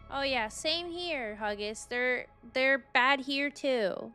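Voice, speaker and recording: A woman's voice: sits high, slow, hardly any pauses, smooth, soft background music. A woman streaming a game in casual chat, ranting with lots of swearing and breaking into shrieks. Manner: excitable, profane, ranting; bursts into shrieks.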